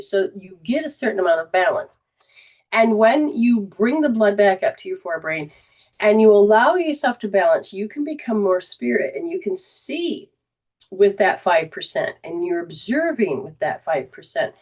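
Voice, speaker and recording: Female metaphysical teacher, livestream host, mid-pitched, rambling and repetitive, acts out quotes. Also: expressive, normal speed, a little mellow. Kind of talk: livestreamed spiritual talk.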